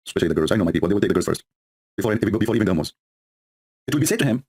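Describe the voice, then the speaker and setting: A man speaking broken rattles through a mocking monologue at a very fast clip. His voice is husky, and his pitch leaps up and down as he scoffs. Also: animated, a little mellow. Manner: sarcastic, mocking, broken English. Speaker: host of a religious debate stream.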